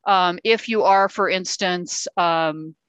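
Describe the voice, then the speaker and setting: A woman's voice: on the low side, slow pace, fairly bright tone, clear, resonant tone, no echo, low-quality recording. A woman giving an informal talk, explaining techniques and acting out sample lines in other voices, with fillers and restarts. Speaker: speaker giving a talk on verbal self-defense. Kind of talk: informal lecture with examples. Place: meeting hall.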